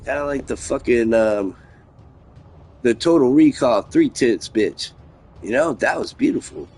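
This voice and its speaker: Slow, laid-back rambling male streamer. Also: mid-range voice, animated, a little mellow, a little hiss or hum. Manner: profane, meandering, laid-back musing. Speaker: game streamer. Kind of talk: casual rambling stream chat.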